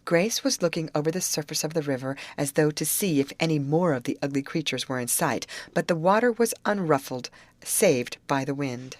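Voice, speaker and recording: A woman narrating an audiobook aloud, voicing the characters' lines with higher pitch. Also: moderate pace, no echo. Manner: lively reading, raises pitch for the girls' lines. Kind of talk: scripted narration.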